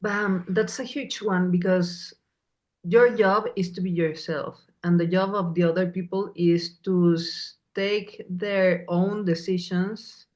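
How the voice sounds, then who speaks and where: A woman speaking slowly and thoughtfully in a podcast conversation, often pausing to search for words. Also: fairly low pitch, fairly even intonation, darkish tone. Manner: slow, measured, searching for words. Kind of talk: reflective conversation.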